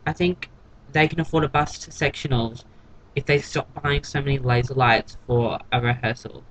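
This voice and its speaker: A young-sounding man, chatting straight to camera in a casual vlog recap. His voice sits at an everyday middle pitch, and his tone is catty and sarcastic as he dishes out gossip. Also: fairly even intonation, normal speed, fairly bright tone, low-quality recording. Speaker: TV episode reviewer.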